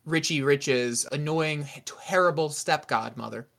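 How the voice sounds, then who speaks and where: A game master narrating a tabletop game in a lively way, with lots of fillers. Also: medium pitch, a little slow, vocal fry.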